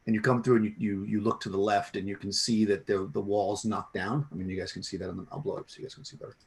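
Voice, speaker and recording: Casting: low, gravelly man running a tabletop game, rambling narration. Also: little pitch movement, quick pace. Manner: rambling, many restarts. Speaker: game master.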